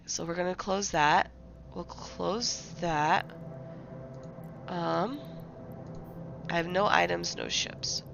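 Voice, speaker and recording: A woman's voice: on the low side, steady tone, a little slow, vocal fry, long pauses, muffled recording, noisy background. A young woman from the American Midwest chatting casually on a livestream, rambling with lots of fillers and restarts. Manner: rambling, filler-heavy, many likes and restarts.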